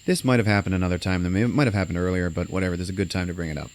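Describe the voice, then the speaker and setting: A man's voice: deep voice, fairly even intonation, very fast. A man casually recapping a movie on a podcast, rambling with lots of fillers and acting out lines. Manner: rambling, many fillers, acts out quotes.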